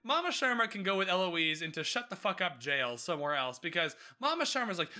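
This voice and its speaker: A man hosts a casual podcast recap of a TV episode. His voice sits high and sounds very bright and forceful, with a lively, swooping pitch. He swears freely and slips into the characters' lines as he talks. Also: brisk, few pauses. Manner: animated, swearing, acting out characters. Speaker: podcast host.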